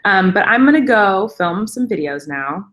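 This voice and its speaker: A woman's voice: medium pitch, animated, normal speed, fairly bright tone. A woman hosting a casual live stream, talking at length in an enthusiastic, rambling way with many fillers.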